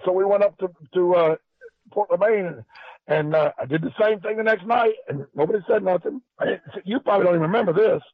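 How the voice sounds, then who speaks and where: A man's voice: high voice, fast, no echo. An older man with a Southern accent telling rambling wrestling stories in a casual chat. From Pennsylvania, West Virginia border. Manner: rambling anecdotes with acted-out quotes. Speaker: guest, former wrestling manager. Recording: tinny phone line.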